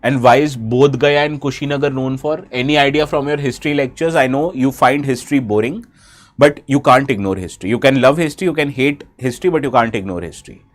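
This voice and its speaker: With an Indian English accent, a man teaches a live online exam-prep lesson, quizzing viewers and reading their names from the chat. He corrects himself mid-sentence as he goes, speaking fast at medium pitch.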